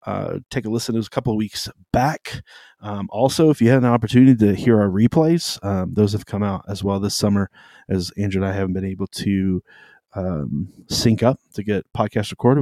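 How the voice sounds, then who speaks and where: Low-voiced joking podcast host. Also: male voice, dark tone, no room sound, studio quality. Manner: joking, rambling with many fillers. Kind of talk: casual chat.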